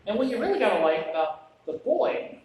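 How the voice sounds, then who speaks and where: A man's voice: high-pitched, sing-song, brisk, a little mellow, a little hiss or hum. A man giving a conversational sermon in a church, chatty, with joking asides and restarts. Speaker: preacher. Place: church sanctuary. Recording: very echoey church room, mic at a distance.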